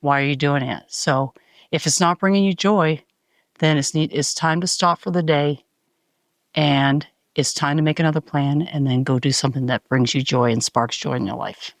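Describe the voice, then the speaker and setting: A woman speaking calmly and encouragingly as a hiking companion on a mountain summit, recorded on a handheld phone. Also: deep voice, normal speed, gravelly, dry recording, studio quality. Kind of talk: casual trail vlog.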